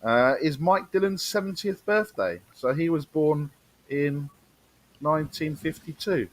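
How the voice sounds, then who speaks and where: A man's voice: fairly high pitch, unhurried. A man co-hosting a casual podcast, reading football history in a chatty, stumbling way. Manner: chatty, stumbling and repeating himself. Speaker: podcast co-host.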